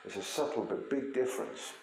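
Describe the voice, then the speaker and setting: A man's voice: medium pitch, a little fast, darkish tone, reverberant, a little hiss or hum, low-quality recording. A man teaching a martial arts lesson, explaining things conversationally while he demonstrates moves.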